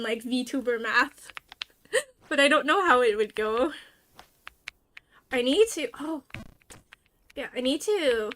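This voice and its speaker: A woman VTuber with a New Jersey accent, chatting casually with her stream chat, playful and quick to laugh. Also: a little high, fairly bright tone, a little hiss or hum.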